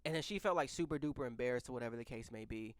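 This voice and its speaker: A man in his twenties telling a personal story in a casual, animated way, laughing often, stumbling and restarting, swearing freely and talking straight to his viewers. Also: medium pitch, rapid-fire, no room sound.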